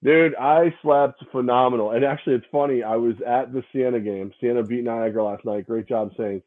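A man's voice: mid-range voice, steady tone, brisk. A man co-hosting a sports podcast, hungover, telling stories in a rambling way, repeating himself and mimicking other people. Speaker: podcast co-host. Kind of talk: casual sports chat. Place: separate location from co-host. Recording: tinny phone-like line.

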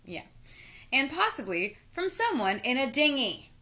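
Bright lively woman, chatty and sarcastic, casual podcast chat. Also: high-pitched, unhurried. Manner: chatty, jokey, sarcastic asides. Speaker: podcast co-host. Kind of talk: casual true-crime chat over wine.

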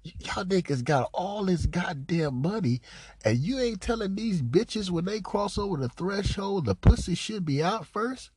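A man giving casual, profane commentary on a recorded phone call, mocking, repetitive and animated, often laughing and coughing. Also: sits high, normal speed, slightly rough, no room sound. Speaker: commentator reacting to a leaked call.

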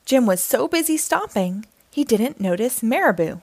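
A woman's voice: on the high side, big pitch swings, normal speed, darkish tone, no echo. A woman reading a children's picture book aloud, giving the characters their own voices. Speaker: storyteller.

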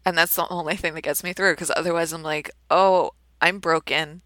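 A young woman co-hosting a podcast, talking candidly in a halting way with many fillers. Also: lowish voice, level tone, sharp tone, no echo. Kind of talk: casual chat.

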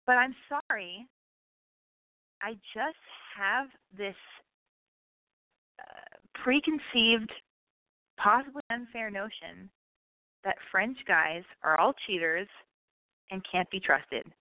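A woman's voice: medium pitch, takes it slowly, long pauses, no room sound. American lady in her 30s, slight lisp, rambly and self-mocking, phone-line tinny, dead dry room. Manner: rambling, self-deprecating, swears freely. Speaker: podcast host. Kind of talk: casual monologue.

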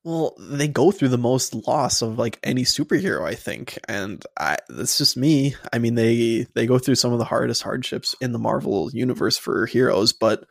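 A man with a gravelly, rough-edged voice talks through a film review in loose, excited podcast chat. He circles back and restarts as he gushes like a devoted fan. The sound is dry and close, with no room around it. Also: medium pitch, normal speed, few pauses, dry recording. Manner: enthusiastic fan, rambling with restarts. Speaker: podcast co-host. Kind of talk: casual movie review chat.

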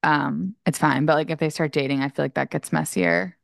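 Young woman cohost rambling w lots of likes, smooth low-ish voice, dry sound. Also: fairly even intonation, brisk, no room sound. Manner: chatty, lots of "like" fillers. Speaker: podcast co-host. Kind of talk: casual chat.

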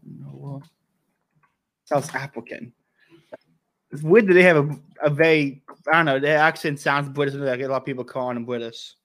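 An American man hosting a casual reaction chat, joking and emphatic, quick to mock himself. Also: mid-range voice, fairly even intonation, a bit bright. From United States. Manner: joking, emphatic, self-mocking. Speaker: host.

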